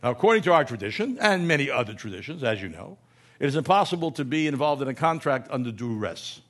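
A man's voice: medium pitch, sing-song, fast, fairly bright tone. A man giving a humorous lecture in a conversational way, often asking "right?" and correcting himself mid-word.

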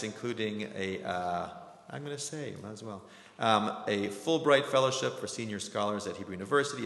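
A man's voice: fairly low pitch, a bit bright. A man hosting a community lecture, giving announcements and introducing the speaker in a chatty way, with joking asides and plenty of ums. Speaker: program host. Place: lecture hall with audience. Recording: echoey hall with faint noise.

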